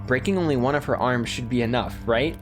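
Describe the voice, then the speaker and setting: A man voicing a calm, reasoning young man in a game playthrough. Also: medium pitch, fairly quick, soft background music, lightly acted.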